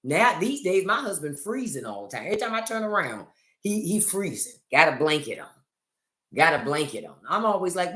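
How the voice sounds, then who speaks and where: A woman's voice: lowish voice, sing-song, brisk, a bit bright. Chatty middle-aged woman, echoey room. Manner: chatty, joking, theatrical storytelling. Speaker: livestream host. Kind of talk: casual livestream chat.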